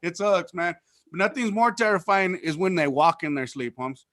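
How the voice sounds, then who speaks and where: A man, doing loud, profane stand-up on a video call and laughing through his stories. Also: high voice, expressive, moderate pace, over a noisy crowd. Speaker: comedian.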